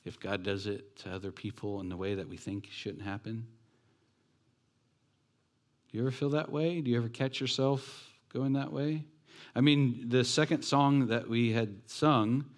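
A man preaching a sermon as pastor, talking in a conversational way with rhetorical questions and joking asides. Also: mid-range voice.

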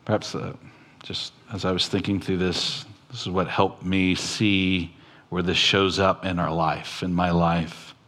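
A man preaching a sermon in an unhurried, measured way. His voice sits on the low side. He quotes scripture and then talks plainly to his listeners, with his voice lifting now and then. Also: level tone, fairly bright tone. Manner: preaching slowly, quoting scripture, with sudden rises in pitch. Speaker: pastor.

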